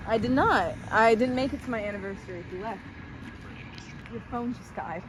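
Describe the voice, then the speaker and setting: A young woman hosts a ghost-hunting vlog from the train tracks, joking, swearing and calling out into the dark. Her voice sits a little high. Steady outdoor noise runs behind her. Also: normal speed. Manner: joking, crude, loud calls into the dark. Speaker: host.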